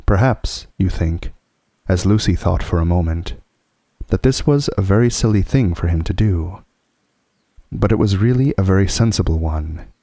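A man reading a classic children's book aloud as a calm, soothing sleep story. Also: sits low, moderate pace, no room sound.

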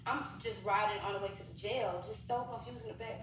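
A woman telling a casual storytime in an animated way, often speaking straight to the viewers. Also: medium pitch, a little fast, few pauses. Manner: animated, addresses viewers as "y'all". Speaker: storyteller in a played clip. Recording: echoey room from far off, noisy.

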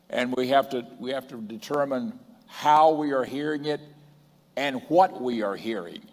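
A man's voice: mid-range voice, a little mellow. Preaching man in an echoing church hall. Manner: drawn-out emphatic phrasing with repeated refrains; stumbles over references and corrects himself. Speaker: bishop preaching. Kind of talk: sermon. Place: large church sanctuary. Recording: long reverb of a church hall.

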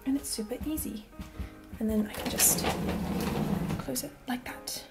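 Showing off her small apartment, a young Australian vlogger chats casually, full of fillers and giggles, her accent drifting toward British. Her voice sits high and sounds gravelly, with a measured pace. The room is small and echoey, with faint music in the background.

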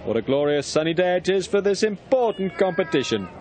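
A man playing an excited sports commentator who calls a contest in a school pantomime. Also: high-pitched, brisk. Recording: clear background noise.

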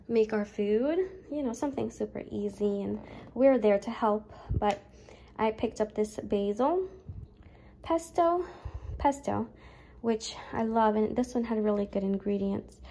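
A pregnant young vlogger chats casually about her grocery haul at home, slightly out of breath and using many fillers. Her mid-range voice is creaky and mellow, captured in a low-quality recording with slight background noise.

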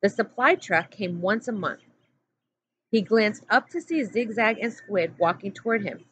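A woman teacher reading a chapter book aloud in a steady, plain narrating voice. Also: mid-range voice, measured pace, slightly rough. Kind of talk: storybook read-aloud. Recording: dull lo-fi audio with faint hum.

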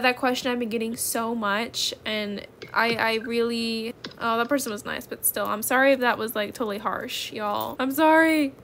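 Chatty gamer girl, slightly high voice. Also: gravelly, a bit bright, a little hiss or hum. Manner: chatty, keeps addressing viewers as y'all and bestie. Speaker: gaming channel host. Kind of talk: casual gaming chat.

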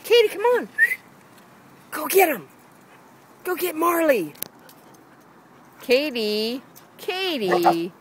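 A woman's voice: high voice, very animated, drawn-out words, long pauses, a little hiss or hum. A woman filming her dogs in a backyard on a handheld camera, calling and coaxing them in a sing-song voice. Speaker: dog owner filming her pets. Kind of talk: casual home video narration. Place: backyard outdoors by a fence.

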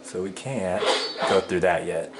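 A man hosting a let's play, commenting casually and swearing excitedly while he plays. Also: low-pitched, measured pace, noisy background.

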